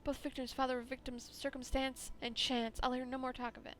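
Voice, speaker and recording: A woman's voice: high voice, level tone, fast, fairly bright tone, slight background noise. A woman voicing a stern grieving widow who speaks formally and dismisses superstition. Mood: firm. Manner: formal, prim.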